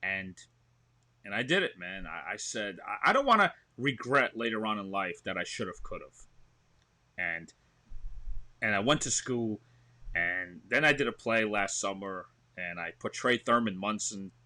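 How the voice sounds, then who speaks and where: A man's voice: lowish voice, a little slow. A man with a New York accent, a guest actor telling stories in a casual podcast interview and acting out what he describes. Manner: animated storyteller, acts out what he describes.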